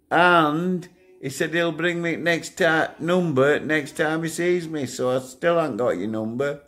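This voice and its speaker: A man's voice: on the high side, measured pace, a bit bright, soft background music. An older man, talking bluntly to his channel's viewers, swearing freely and chuckling through his stories. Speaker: channel owner. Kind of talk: casual rambling monologue to viewers.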